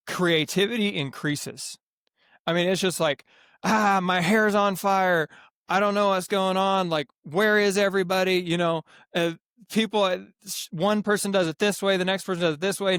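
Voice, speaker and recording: A man with a fairly high voice talks through how his greenhouse farm runs, restarting his sentences and going lively when he acts out what others say. The sound is dry and close, with no room around it. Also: no echo. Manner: rambling, many restarts, animated when quoting others. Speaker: greenhouse farm owner, guest. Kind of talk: casual podcast interview.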